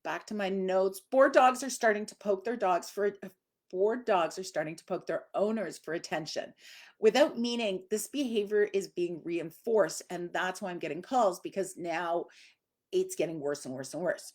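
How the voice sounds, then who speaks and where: A woman's voice: lowish voice, moderate pace, darkish tone. Chatty woman dog trainer streaming live. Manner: chatty, conversational, many fillers. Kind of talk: casual live-stream teaching.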